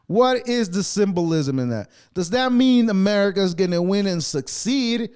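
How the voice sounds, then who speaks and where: A man's voice: high-pitched, sing-song, moderate pace, darkish tone, clear, resonant tone. A man hosting a podcast, ranting casually in a profane, rambling way. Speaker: podcast host.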